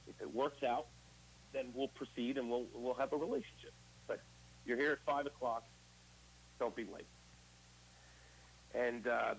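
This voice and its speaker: A man's voice: mid-range voice, a little hiss or hum, rough recording. A man as an interview guest, telling his recovery story in a candid, conversational way and acting out past conversations as quoted dialogue. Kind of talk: casual personal storytelling.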